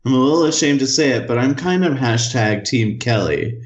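A man speaking as a guest on a casual podcast, talking haltingly with lots of restarts and fillers. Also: medium pitch, expressive. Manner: halting, hesitant, many restarts. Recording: roomy, dull lo-fi.

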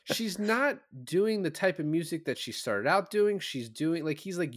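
A man co-hosting a film podcast retells scenes in a relaxed chat, heavy on fillers with a curse here and there. He sounds a little high and expressive, talking at a moderate pace with hardly any pauses.

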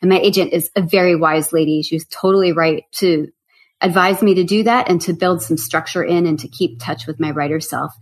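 Woman author guest, animated storyteller, slightly low voice, casual interview. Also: a little fast.

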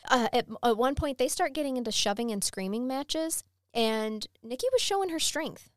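A woman's voice: sits high, expressive, normal speed, no room sound, studio quality. A woman hosting a podcast, telling a true crime story in a blunt, chatty way and swearing freely. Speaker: podcast host.

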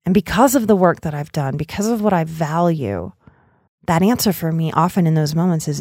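A middle-aged woman hosting a podcast, talking earnestly and gently about self-care, often building her points through rhythmic lists of short phrases. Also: low voice, lively intonation, fairly quick, no room sound, studio quality. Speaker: podcast host. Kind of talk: reflective self-care talk.

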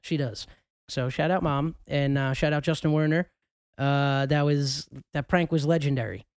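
A man's voice: a little high, steady tone, moderate pace, clear, resonant tone, no echo, clean studio sound. Rambling casual podcast host, man. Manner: rambling, lots of fillers. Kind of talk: casual chat, storytelling. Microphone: close podcast mic.

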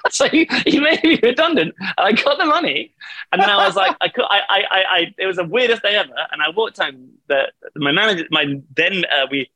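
Casual man, rambling storyteller with a bright, slightly high voice; video call. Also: animated, a little fast, no echo. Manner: rambling storyteller, laughs often, swears. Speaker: band vocalist, guest.

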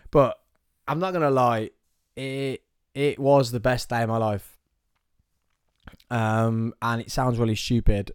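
Young man, solo studio vlogger, animated storyteller, dry close mic. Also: mid-range voice, normal speed, dry recording. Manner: chatty and animated, playful storyteller. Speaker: podcast host. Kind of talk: casual solo vlog to camera. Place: small studio.

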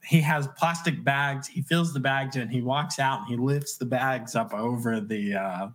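A man hosts a casual podcast conversation. He speaks in a relaxed, chatty way and laughs easily. His voice sits at an ordinary middle pitch. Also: a little slow. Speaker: podcast host.

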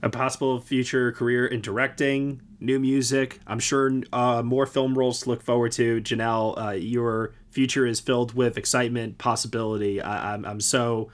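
A man's voice: mid-range voice, little pitch movement, moderate pace, hardly any pauses. A man interviewing a guest, asking questions and wrapping up with hesitant fillers.

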